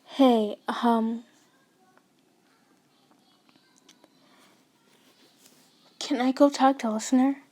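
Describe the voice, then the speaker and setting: Woman voicing a guarded, awkward young psychic boy in an audio fanfic; quiet and halting, voice sits a touch high. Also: fairly even intonation. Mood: pleading.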